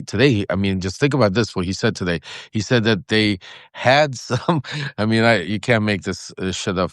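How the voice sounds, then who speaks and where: A male interview guest speaking in a rambling, halting way with many fillers and restarts. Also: lowish voice, smooth, no echo, clean studio sound. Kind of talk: political commentary interview.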